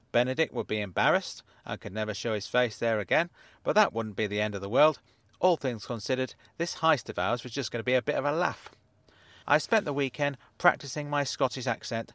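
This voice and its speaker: Deadpan man narrating a comic story. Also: medium pitch, no room sound. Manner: dry, deadpan comic delivery. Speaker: author and narrator. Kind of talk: first-person audiobook narration.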